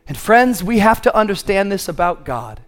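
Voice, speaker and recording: A man preaching a sermon as pastor, swinging from quick storytelling to loud, drawn-out preaching. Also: sing-song. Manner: builds to loud, high-pitched preaching, then drops to quick conversational storytelling.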